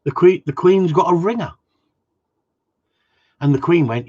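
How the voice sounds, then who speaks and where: A man's voice: fairly high pitch, a little slow, warm tone, breathy edge. A man who trains gundogs, answering viewer questions in a blunt, rambling way with casual swearing. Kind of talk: casual Q and A chat. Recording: dull lo-fi sound.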